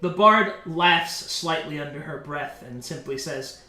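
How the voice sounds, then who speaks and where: A man narrating a tabletop game as game master, telling the story in an unhurried way with fillers. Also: on the high side, pushed and bright. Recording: echoey room.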